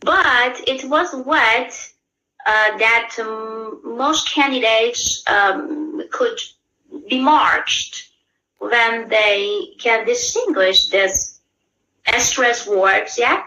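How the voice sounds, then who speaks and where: Persian-accented lady teaching an exam class, slow, keeps checking in with students, echoey room. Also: fairly high pitch, bright, forceful tone, slight background noise. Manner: explains patiently, checks in with students often. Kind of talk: live class explanation.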